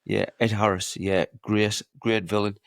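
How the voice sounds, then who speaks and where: Deep-voiced, sweary man talking movies. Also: flat delivery, unhurried, gravelly, no echo, studio quality. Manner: sweary, enthusiastic storytelling. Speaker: podcast co-host. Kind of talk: casual movie chat.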